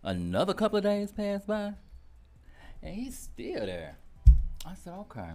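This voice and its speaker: A man's voice: sits high, measured pace, faint music behind. A man on a radio show telling a gossip story, laughing often and acting out what people said. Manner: expressive, laughs often, acts out dialogue.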